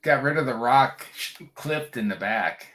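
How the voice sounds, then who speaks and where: A man with an average-pitched voice co-hosts a casual livestream. He mostly adds short remarks and questions and laughs easily. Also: animated, fairly bright tone. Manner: brief interjections and questions, quick to laugh. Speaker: co-host of a comics history livestream.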